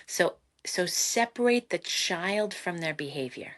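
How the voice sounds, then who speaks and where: Expressive middle-aged woman giving parenting advice. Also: on the low side, measured pace. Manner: animated, expressive, laughs often, acts out quotes. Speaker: psychotherapist guest.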